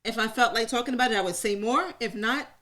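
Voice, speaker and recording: She talks fast, her voice on the high side with a fairly bright tone. Co-hosting a live talk circle in a room full of listeners, she candidly discusses personal matters, chatting freely, laughing easily, and calling herself an oversharer.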